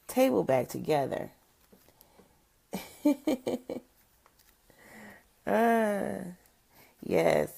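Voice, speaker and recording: Older woman, livestream chat, gravelly morning voice, husky, slow and lively. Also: deep voice. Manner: chatty, greets viewers by name, laughs often. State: rough morning voice. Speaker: motivational speaker.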